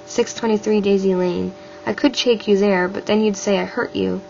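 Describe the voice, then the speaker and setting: A man's voice: high-pitched, fairly even intonation, moderate pace, gravelly, darkish tone. A woman reading an audiobook aloud and voicing a cold, menacing adult man who gives curt commands. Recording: dull lo-fi with faint music.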